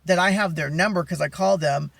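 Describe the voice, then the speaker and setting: A man with a soft, feminine-sounding voice telling a rambling story in a casual vlog chat. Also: sits high, a little fast, creaky, no echo. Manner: rambling, animated storytelling with many asides. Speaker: vlogger.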